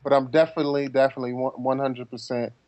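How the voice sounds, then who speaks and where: A man's voice: mid-range voice, level tone, fast, darkish tone, no echo, highs cut off. A man from New Jersey, a podcast panelist, rambling in casual chat with lots of "you know" fillers.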